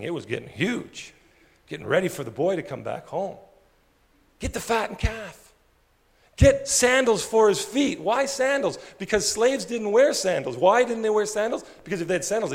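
Gravelly high-voiced male preacher. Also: in a large hall. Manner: animated storytelling, drops low for emphasis. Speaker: pastor. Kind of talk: sermon.

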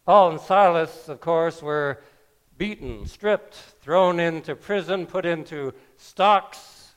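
A man preaching a sermon, telling a scripture story slowly with wry asides. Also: fairly high pitch, smooth. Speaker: pastor.

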